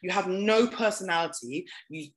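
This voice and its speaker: A blunt, gossipy podcast co-host chatting casually and getting animated when worked up. The room leaves a noticeable echo around the voice. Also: medium pitch, normal speed. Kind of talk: casual chat.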